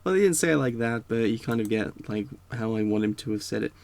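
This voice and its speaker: A man's voice: lowish voice, little pitch movement, brisk, gravelly. A man giving a casual, rambling spoken rant, full of fillers and restarts. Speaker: video creator.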